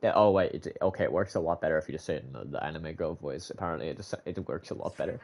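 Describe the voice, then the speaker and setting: A male streamer chatting casually during a live competitive shooter game, swearing freely, laughing and breaking into sudden shouts. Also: a bass voice, very fast, vocal fry, a little hiss or hum.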